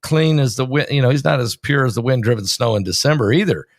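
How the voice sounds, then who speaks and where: Man, talk-show host, medium pitch, chatty, dry sound. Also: animated, fast talker, no echo. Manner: conversational, chatty, asks questions. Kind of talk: casual interview talk.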